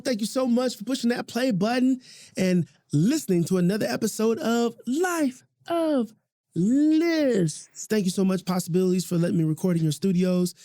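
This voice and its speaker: This man hosts a podcast in a recording studio, his high-pitched, dark-toned voice captured in a dry recording. Casual and passionate, he uses slang and tends to repeat himself in heartfelt talk.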